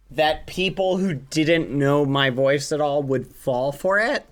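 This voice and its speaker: A man streaming a building game, chatting casually and playfully with his viewers, humming as he thinks. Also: on the high side. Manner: musing, playful, hums a lot.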